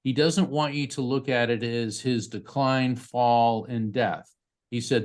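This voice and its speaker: Over a video call, a male medium with a medium-pitched, steady voice gives a live reading to a grieving parent. He rambles in a chatty, faltering way, with plenty of fillers and restarts.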